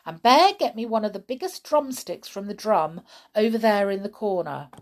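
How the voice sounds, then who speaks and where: A woman voicing a bossy, mischievous girl doll who gives brisk commands in a storybook reading. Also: mid-range voice, animated, a little mellow, close to an everyday voice. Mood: thoughtful.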